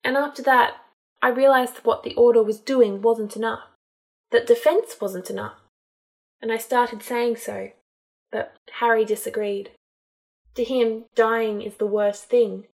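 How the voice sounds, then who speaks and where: A woman reading a storybook, voicing a distraught young witch healer who talks in a halting, tearful way. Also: a little high, steady tone. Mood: earnest.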